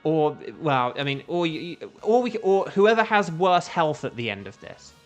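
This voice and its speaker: A young man with an English accent talks loosely to his live chat as he plays, drifting between topics and humming little tunes under his breath. His voice sits a touch higher than most men's. Quiet game music plays behind him. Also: sing-song, unhurried. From England. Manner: chatty, rambling, hums to himself while playing. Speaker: gaming streamer. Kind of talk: casual live-stream chat.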